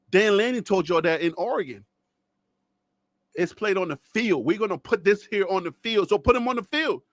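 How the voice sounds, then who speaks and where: A man from Liberia ranting on a live sports stream, animated and mocking, dropping to low asides and rising to shouts while losing his voice. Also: dry recording. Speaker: sports commentator.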